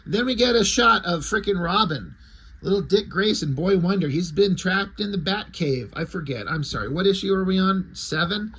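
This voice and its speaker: Crude, husky-voiced man recapping comics. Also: a little high, moderate pace. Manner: crude, excitable, sarcastic. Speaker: comic book reviewer.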